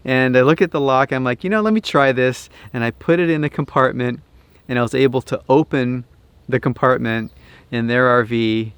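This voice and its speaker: Smooth, dry-sounding man hosting a DIY vlog. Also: mid-range voice, moderate pace, dry recording. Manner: chatty, relaxed, animated when telling a story. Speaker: RV DIY channel host. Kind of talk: casual storytelling vlog.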